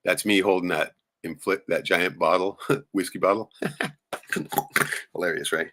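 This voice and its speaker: A middle-aged man with a deep voice streams live, speaking a little slowly with fairly even intonation over background noise. He swears freely and rambles through stories while showing photos, in a casual venting monologue punctuated by sudden loud jumps.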